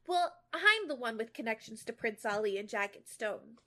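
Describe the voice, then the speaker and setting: A sly teenage bully with a high, sugary voice that turns cutting, drawing out each line, as a young woman puts her on. Read aloud casually from a fan story. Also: animated, normal speed, sharp tone. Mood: sneering.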